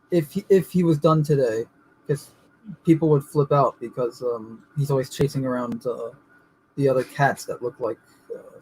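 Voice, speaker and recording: A man's voice: medium pitch, a little mellow, a little hiss or hum, poor audio. A man hosting a casual pop culture chat, rambling and restarting his sentences as he explains.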